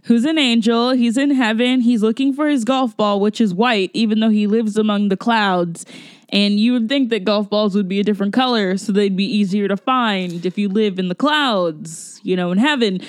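A woman's voice: medium pitch, normal speed, clear, resonant tone, no echo, studio quality. A woman co-hosting a podcast, chatting casually about movies in a rambling, exasperated way with lots of fillers. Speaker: podcast co-host. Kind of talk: casual movie review chat.

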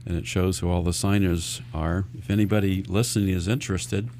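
Man, radio host, financial advisor, very low voice, earnest, explanatory. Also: fairly even intonation, fairly quick, a little mellow, slight background noise. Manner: earnest, explanatory, with frequent restarts. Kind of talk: radio talk show chat.

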